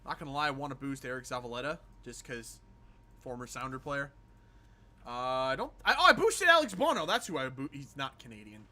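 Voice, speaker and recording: A brisk, bright, forceful voice at medium pitch with wide swings belongs to a man streaming a game. He banters casually and sarcastically with viewers, answering their messages and rambling, often starting over mid-thought.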